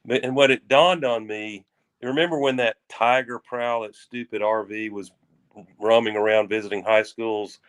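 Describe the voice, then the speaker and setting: A man co-hosting a sports talk show, rambling in a folksy way with drawn-out phrases and restarts. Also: on the low side, steady tone, a bit bright, clean tone. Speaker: sports radio co-host.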